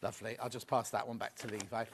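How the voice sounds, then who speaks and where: A man's voice: mid-range voice, flat delivery, fast, fairly bright tone, husky. A man presenting a live home shopping show in a TV studio, chatting and gushing over the products.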